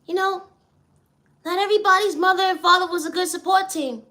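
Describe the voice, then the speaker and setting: A man voicing a high, squeaky encourager who gives a spoken-word pep talk and keeps saying "neighbor" and "you know.". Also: fairly even intonation, fairly quick, sharp tone, full character voice. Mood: earnest.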